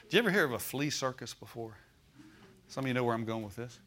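A man's voice: medium pitch, expressive, fast talker, sharp tone. An older man preaching a sermon in a folksy, rambling way, climbing to emphatic declarations when he quotes scripture.

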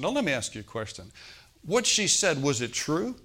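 A man delivering a Bible sermon in a relaxed, conversational manner. He reads scripture aloud, then talks it through plainly, often pausing to check in with his listeners. He lifts his voice on emphatic points and drops back down afterwards. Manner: conversational preaching, frequent check-ins with the congregation; rises in pitch and volume on emphatic points, trails off quietly. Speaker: pastor.

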